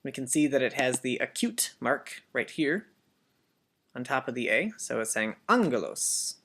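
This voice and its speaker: A teacher giving a Biblical Greek lesson as a voice-over, speaking deliberately and repeating each word so learners can copy it. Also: mid-range voice, animated, fairly bright tone. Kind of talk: slow instructional voice-over.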